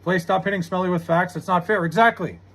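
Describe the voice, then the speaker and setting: A man's voice: high voice, fairly even intonation, fast talker, fairly bright tone. A young man streaming live, arguing heatedly with his chat and swearing often. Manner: heated, argumentative, swears a lot.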